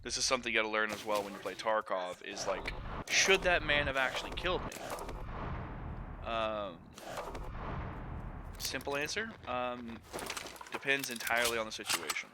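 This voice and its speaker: A man streaming a shooter game, talking to his chat with profane, excitable outbursts and rambling explanations. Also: medium pitch, moderate pace, pauses often, very noisy. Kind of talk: live gaming stream commentary to chat.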